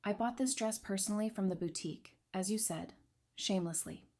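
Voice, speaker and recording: A stern young nobleman speaks in a cold, clipped and accusing way, voiced by a woman reading a storybook recap. His pitch sits in the middle of the range, with no warmth. He sounds like a duke who will not tolerate lies. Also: fairly quick, close to an everyday voice.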